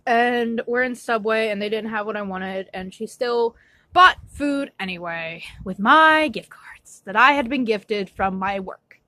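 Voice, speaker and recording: A woman's voice: a little high, a little slow, bright, forceful tone, no echo. A young woman vlogging an emotional, swear-filled rant, apologetic and shaky as she tells her story. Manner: upset, ranting with frequent swearing.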